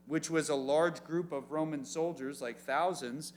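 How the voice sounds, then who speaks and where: A man as youth pastor, preaching an animated sermon and asking the room questions. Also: a little high, measured pace, hardly any pauses. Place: church youth meeting room.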